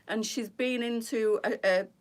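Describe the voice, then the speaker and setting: A woman's voice: fairly high pitch, steady tone, a little slow. Chatty middle-aged woman. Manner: chatty, warm greetings to viewers by name, rambling. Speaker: boutique owner hosting a live stream. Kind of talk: casual live-stream chat with viewers.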